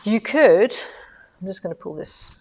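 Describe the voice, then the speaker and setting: A woman's voice: mid-range voice, lively intonation, a little slow, a little hiss or hum. A woman running a live quilting demonstration from an indoor studio, explaining each step in a chatty, practical way. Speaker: quilting instructor.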